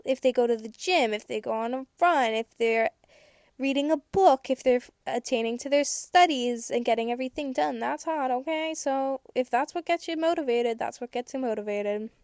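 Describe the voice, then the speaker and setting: A teenage girl hosting a podcast, giving candid, chatty advice with casual swearing and bursts of excitement. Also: sits high, normal speed, no room sound, studio quality. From United States. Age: teens. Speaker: podcast host.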